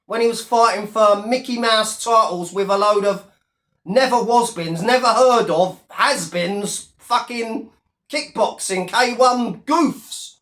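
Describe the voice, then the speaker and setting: A man's voice: high voice, takes it slowly, a bit bright, reverberant. A man in his thirties ranting on his vlog, sneering and swearing at a rival. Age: 30s. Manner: sneering, profane, taunting. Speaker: YouTuber.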